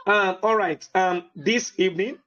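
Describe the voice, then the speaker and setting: A man hosts an online meeting and speaks slowly and deliberately in a fairly high voice. He repeats himself often, keeps asking whether everyone can hear him, and leans on fillers. The sound is dull and lo-fi, like a computer mic on a video call. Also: a bit bright. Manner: slow, deliberate delivery with many fillers. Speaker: host of an online business meeting. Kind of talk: motivational talk on an online call.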